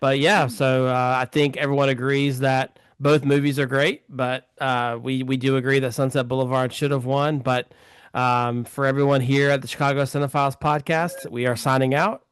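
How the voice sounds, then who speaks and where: A man's voice: medium pitch, flat delivery, normal speed, clean tone, dry recording. A man hosting a casual film podcast, talking in a chatty, rambling way. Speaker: podcast host.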